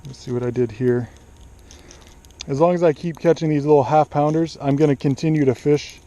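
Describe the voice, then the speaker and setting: A man filming a casual fishing vlog outdoors by a pond, chatting excitedly to the camera on an action-camera mic. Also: on the high side, fairly quick, muffled recording, a little hiss or hum. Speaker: fishing vlogger. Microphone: action camera or DSLR mic.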